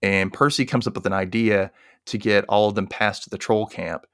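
A man with a lowish voice retells a film's story in a loose, chatty way. He slips into quick character voices as he goes. The sound is close and dry. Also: steady tone, fairly bright tone, no echo. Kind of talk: casual movie recap.

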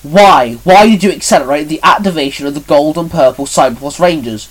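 A man's voice: medium pitch, normal speed, lightly acted, poor audio. A man voicing an angry woman guardian of time who growls and snaps her lines. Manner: growling, snapping. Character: furious woman time guardian, fierce and sharp.

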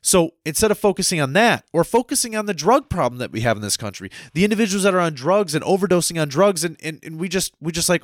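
A man's voice: fairly high pitch, animated, fast, hardly any pauses, no room sound. Heated man ranting in a dry voice. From United States. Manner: heated, repeats "right?" and stumbles on repeated words. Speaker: commentator. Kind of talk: ranting monologue.

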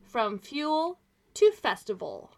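A woman co-hosting a casual podcast chat, giggling often and trading quick quips. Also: a little high, wildly swooping pitch, creaky, a little mellow. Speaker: podcast co-host.

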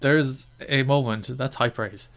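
A young man co-hosting a relaxed chat show, trading wry, dry jabs at an easy middle pitch. His delivery stays deadpan and teasing while he walks through the details. He sounds like someone joking with a friend. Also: a little slow. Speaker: podcast co-host. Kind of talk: casual chat.

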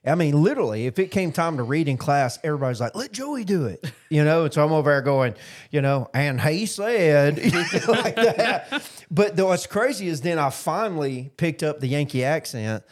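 A man's voice: fairly high pitch, expressive, a little fast. A man from Alabama with a Southern accent, co-hosting a casual podcast. He laughs often and rambles with restarts. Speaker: podcast co-host. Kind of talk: casual chat.

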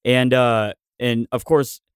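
An American man with a smooth, clean voice tells a rambling story in casual conversation. He muses half-jokingly and builds to a theory. The recording is dry and close. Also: medium pitch, fairly even intonation, slow pace, dry recording. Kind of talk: casual chat.

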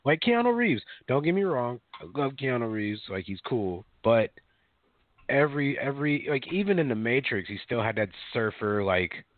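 A man co-hosting a podcast in casual chat, rambling with lots of fillers and quick mock voices. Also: medium pitch, sing-song, no echo. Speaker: podcast co-host. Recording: tinny phone-like dry sound.

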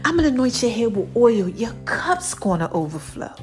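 A woman's voice: on the high side, sing-song, moderate pace, a little mellow, soft background music. A middle-aged woman hosting a podcast in a sassy, preachy, casual monologue. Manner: sassy, preachy, sings and squeals some lines. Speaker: podcast host.

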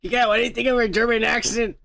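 A man with a fairly high voice and a gravelly, creaky edge hosts a podcast. He swears freely, teases his co-host and laughs his way through loose, crude banter. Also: steady tone, quick pace, pushed and bright. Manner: profane, teasing, laughs a lot. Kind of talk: crude casual chat.

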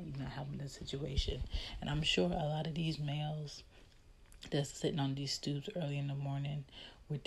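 A woman talks straight at the listener in a casual vlog rant. She is blunt and emphatic, and she lectures in a gravelly, creaky voice. A faint hiss sits under her words. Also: very deep voice. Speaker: vlogger. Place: hallway of her home.

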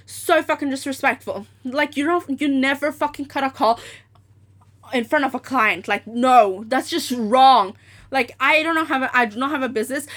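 A young woman rants straight to camera about a bad customer experience, swearing often and acting out the other side of the conversation. Her voice sits a little high and sounds bright and forward. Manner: animated, swears freely, mimics others; switches to Cantonese when quoting. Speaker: vlogger. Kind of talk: casual ranting vlog.

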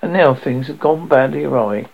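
A man's voice: medium pitch, moderate pace, vocal fry. A man reading aloud and voicing an indignant English cricket umpire who thunders in outrage. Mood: outraged. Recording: dull lo-fi audio.

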